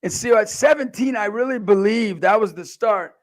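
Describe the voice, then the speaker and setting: An American man in his forties giving an impassioned faith testimony, swinging from quiet asides to loud acted-out quotes. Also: sits high, moderate pace. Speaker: speaker. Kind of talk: personal testimony talk.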